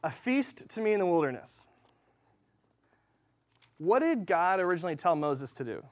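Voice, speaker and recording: A man's voice: high voice, sing-song, moderate pace. A male pastor giving a casual, conversational sermon, full of ums and likes. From Southern California. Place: church.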